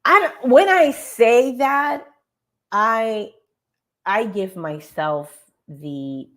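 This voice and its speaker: A woman hosting a morning show, giving an emphatic, animated motivational talk over slides and speaking straight to her audience. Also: fairly high pitch, drawn-out words. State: tired.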